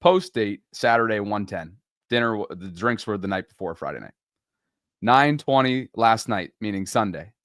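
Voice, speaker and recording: A man's voice: lowish voice, moderate pace, a bit bright, dry recording, studio quality. A young man co-hosting a podcast, telling a dating story in casual chat with frequent laughs and self-deprecating humor. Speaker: podcast co-host.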